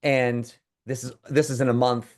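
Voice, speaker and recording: A man co-hosting, telling a long personal story in a rambling, animated way with many restarts. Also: mid-range voice, moderate pace. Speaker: co-host. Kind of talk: casual storytelling.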